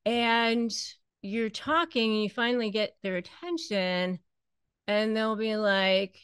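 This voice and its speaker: Woman, advice host, conversational, smooth clear voice, dry sound. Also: on the high side, steady tone, takes it slowly, a bit bright, no echo. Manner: conversational, acts out quoted dialogue. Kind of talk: advice talk to camera.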